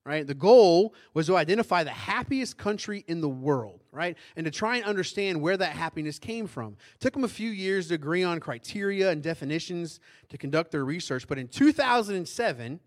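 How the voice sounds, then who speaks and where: Middle-aged male pastor, fairly high voice, chatty sermon delivery that checks in with the room. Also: animated, fairly quick, few pauses. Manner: conversational, asks the congregation questions.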